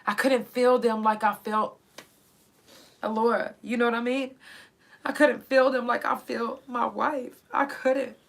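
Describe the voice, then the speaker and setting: A woman's voice: fairly high pitch, flat delivery, measured pace, vocal fry. A woman host, candidly telling her own story in a raw, emotional and profane way, close to tears. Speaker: podcast host.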